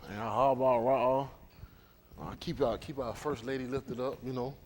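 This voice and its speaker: In an indoor hall before the service, a man leading the congregation tells teasing stories in casual banter. His medium-pitched voice moves at a moderate pace and is animated, with a little hiss or hum on the recording.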